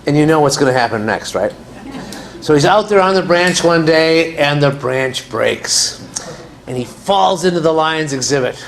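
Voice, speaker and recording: A man's voice: fairly high pitch, lively intonation, moderate pace. Joking man giving an after-dinner talk. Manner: joking, conversational. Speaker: guest speaker.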